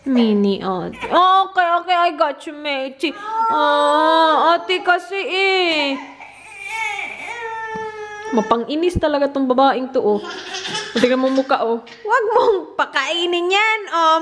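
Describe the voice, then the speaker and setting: A woman in her thirties with a Filipino accent vlogs casually with her small children at home and in the car, mixing Tagalog and English. Her high voice has lively intonation and a slow pace, drifting into sing-song baby talk over a noisy background.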